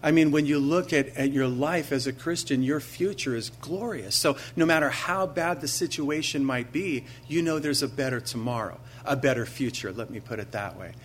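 A man's voice: medium pitch, a little hiss or hum. Earnest male pastor preaching. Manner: conversational preaching full of rhetorical questions; earnest, slows down to stress key phrases. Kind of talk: sermon.

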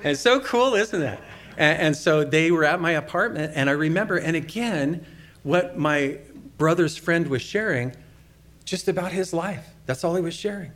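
Middle-aged man, pastor's sermon, relaxed storyteller who asks the room questions. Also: fairly high pitch, moderate pace.

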